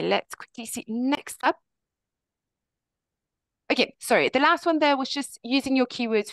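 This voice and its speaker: A woman's voice: medium pitch, no echo. A woman presenting a workshop on teaching English, chatty, often saying "okay" between points.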